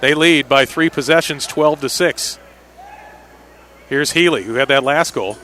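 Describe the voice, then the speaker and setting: A man doing live play-by-play commentary on an indoor soccer match, with quick calls that rise sharply on big plays. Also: a little high, bright, forceful tone.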